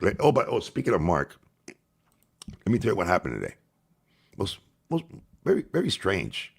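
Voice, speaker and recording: A man's voice: low-pitched, wildly swooping pitch, normal speed, vocal fry, pauses often, slightly rough. A man hosting a livestream, ranting and taunting his rivals with profane insults. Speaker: livestream host.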